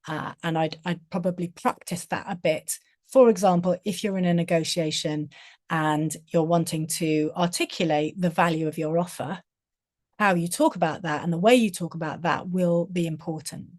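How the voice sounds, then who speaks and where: A woman's voice: on the low side, fairly even intonation, normal speed, darkish tone, no echo, studio quality. A woman giving a presentation on communication, talking expressively and often restarting her phrases. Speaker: speaker giving a talk on communication. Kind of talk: presentation talk.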